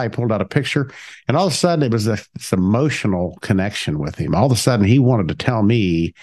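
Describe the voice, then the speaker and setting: A middle-aged man swapping sales stories in a relaxed chat. He talks with lively ups and downs in his voice. He slips in and out of the people in his stories. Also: on the low side, brisk. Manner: animated, acts out both sides of his stories. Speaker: podcast co-host. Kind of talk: casual storytelling chat.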